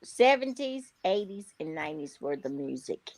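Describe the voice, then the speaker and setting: A woman chats in a lively way, her lower voice rising and falling a lot. Clear crowd chatter runs behind her. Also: moderate pace.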